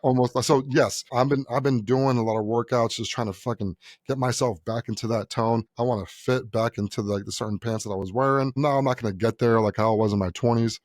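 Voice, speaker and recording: A man's voice: mid-range voice, a little fast, hardly any pauses, no echo, studio quality. A man in his thirties from New York, co-hosting a podcast in casual chat, telling stories and swearing freely. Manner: animated storyteller, acts out quotes, swears freely. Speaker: podcast co-host.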